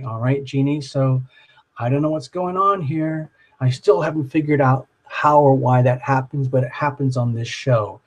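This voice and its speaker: A man's voice: medium pitch, darkish tone, breathy edge, rough recording. A man hosting a live tarot reading, talking in a rambling, dreamy way full of "like" and "you know".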